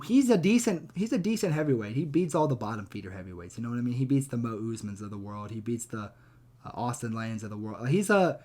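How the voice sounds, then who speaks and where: A man's voice: medium pitch, darkish tone. A young man casually hosting a reaction video, talking bluntly with lots of swearing and rambling asides. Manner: blunt, profane, rambling, chuckling.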